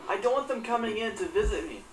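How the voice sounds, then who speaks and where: A woman's voice: mid-range voice, lively intonation, quick pace, far from the mic. A woman recounting a news story and reacting with indignation and frequent swearing. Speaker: commentator. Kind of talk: reaction commentary. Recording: roomy echo, off-mic, faint hum.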